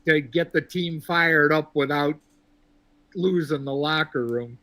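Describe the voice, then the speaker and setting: A man from Texas calling into a sports show, talking in a measured, wry way with lots of fillers. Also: fairly high pitch, sharp tone, no room sound. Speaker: caller. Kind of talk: casual sports call-in chat.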